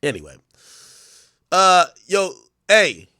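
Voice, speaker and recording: A man's voice: sits high, expressive, takes it slowly, pushed and bright, no room sound. A man in his thirties hosting a livestream, ranting to his chat in a profane, mocking way and laughing often. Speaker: livestream host. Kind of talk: casual rant to a live chat.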